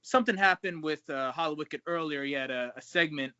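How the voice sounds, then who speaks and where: Casual guy, bright punchy voice, says bro a lot, dry muffled call audio. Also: a little high, fairly quick, clear, resonant tone, no echo. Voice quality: casual, swears freely, says man and bro. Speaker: pro wrestler guest. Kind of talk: casual interview chat. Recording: dull lo-fi sound.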